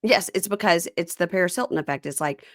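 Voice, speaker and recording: A woman hosting a casual recap chat, chatty and quick to mimic people in silly voices. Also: fairly low pitch, no room sound, studio quality. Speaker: podcast host.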